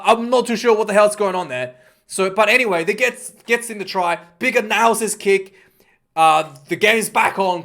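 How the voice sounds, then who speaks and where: High-voiced man rambling through a match review. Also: a bit bright. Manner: rambling, self-correcting, exasperated about refereeing. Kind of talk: casual match breakdown commentary.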